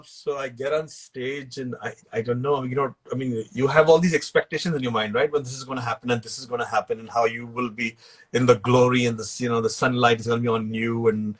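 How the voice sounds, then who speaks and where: A man's voice: mid-range voice, husky. A man with an Indian English accent, a guest actor and author on a video call, telling funny stories with laughs and bits of Hindi. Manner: laughs while telling anecdotes, mixes in Hindi phrases. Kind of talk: relaxed storytelling in an interview.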